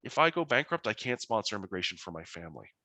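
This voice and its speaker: A man's voice: fairly low pitch, very animated, fast, sharp tone, dry recording, pitched below the performer's own voice, full character voice. A man voicing an anxious, indebted man who urgently pleads for help while telling a story. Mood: worried.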